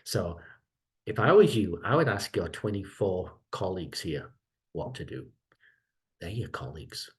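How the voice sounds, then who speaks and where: A middle-aged man with a low voice speaks as a lecturer in a casual online meeting. He rambles and repeats himself while giving friendly advice. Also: big pitch swings, measured pace, pauses often.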